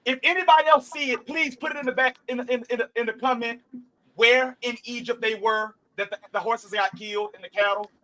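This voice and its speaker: A man with a very high, bright, forceful voice hosts a heated livestream Bible debate. He talks emphatically and bluntly, cutting people off and throwing in the odd curse. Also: fairly even intonation, fairly quick, low-quality recording. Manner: emphatic, interrupting, blunt and profane. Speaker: host.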